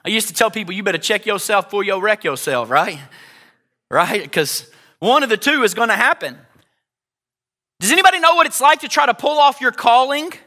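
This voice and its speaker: Male pastor, very high bright voice, emphatic repeated phrases, talks to the congregation. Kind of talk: sermon.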